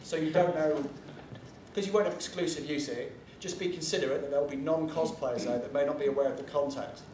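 A man's voice: fairly high pitch, quick pace, a little mellow, a little hiss or hum. A man giving a casual convention panel talk, chatty and blunt, drifting into asides and the odd swear word. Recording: echoey room from far off, faint ambience.

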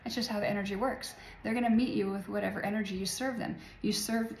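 Chatty woman with a gravelly voice. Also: medium pitch, fairly even intonation, fast, a little mellow, a little hiss or hum. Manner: chatty, rambling, laughs often. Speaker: spiritual vlogger. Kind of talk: casual spiritual talk to viewers. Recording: echoey room, faint ambience.

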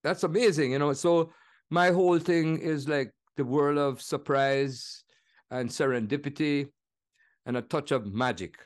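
A man in his seventies with a Jamaican accent, telling stories in an animated, laughing way as an interview guest. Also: on the high side, unhurried. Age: 70s. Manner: animated, laughing, slips into impressions. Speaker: guest musician. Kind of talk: conversational storytelling interview.

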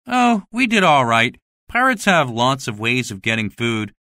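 Woman doing a swaggering young schoolboy, low and bouncy, dry close sound. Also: big pitch swings, a little slow, pushed and bright, no room sound, heavily acted. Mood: boastful. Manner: swaggering, bragging. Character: boastful young schoolboy playing pirate. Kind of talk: storybook reading for learners.

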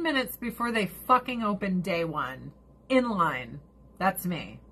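A woman's voice: mid-range voice, very animated, unhurried, pushed and bright, breathy edge. A middle-aged woman streamer chatting casually with her viewers, blunt and profane, ranting with animation.

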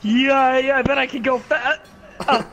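A young man gaming with friends, playful and excitable, hamming up little role-plays. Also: very high-pitched, moderate pace, low-quality recording. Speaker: friend in a game session. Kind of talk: casual gaming banter. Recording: gameplay video with faint music.

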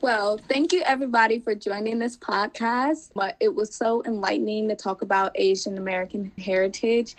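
A woman's voice: mid-range voice, moderate pace, few pauses, poor audio. A teenage girl hosting a school podcast, thanking the guests in upbeat closing remarks. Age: teens. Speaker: student podcast host. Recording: music playing clearly behind. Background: theme music.

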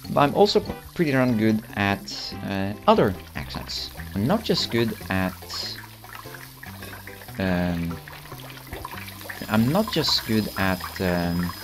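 The channel's host, a teenage boy, rambles through gameplay in a sing-song, slow delivery with a lowish voice. He laughs at his own jokes, trips over fillers, and restarts sentences, while game music plays faintly in the background.

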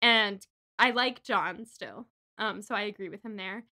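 A young woman co-hosting a casual book podcast, chatty and animated as she recaps chapters and swears now and then. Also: mid-range voice, measured pace. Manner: chatty, swears, acts out quotes. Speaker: podcast co-host. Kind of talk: casual book-club chat.

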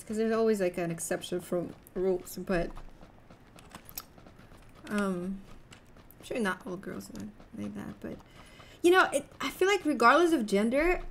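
A young woman streaming a game live, chatting with viewers and a teammate in a rambling, giggly way. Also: fairly high pitch. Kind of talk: casual live-stream chat while gaming.

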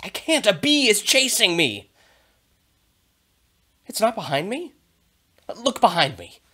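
A man voicing Murphy, an excitable, food-loving young male dog who is scared of bees, in a shrill, panicky voice for a children's story. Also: slow pace, breathy edge, exaggerated voice. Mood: panicked.

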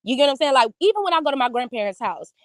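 A woman telling a story in casual live-stream chat, animated and profane, acting out what others said. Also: sits high, racing, no echo, studio quality. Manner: animated, profane, acts out quoted speech. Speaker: guest recounting hosting cult members.

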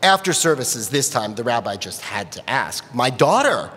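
A man telling a story at a family worship service, expressive, in a large sanctuary. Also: medium pitch, moderate pace. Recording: long reverb of a large sanctuary.

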